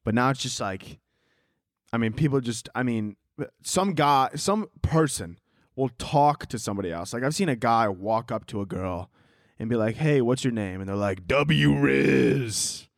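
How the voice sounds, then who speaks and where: Young adult man, podcast host, rambling profane comedy rant, mid-pitched voice, dry close sound. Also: expressive, moderate pace, no room sound. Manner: rambling, profane, laughs at own jokes. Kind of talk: casual comedic monologue.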